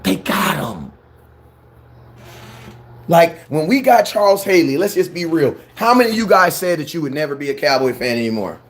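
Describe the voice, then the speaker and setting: A man hosting a sports fan channel, ranting his opinions in a blunt, slangy, animated way. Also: fairly high pitch, normal speed. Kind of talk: fired-up sports opinion rant.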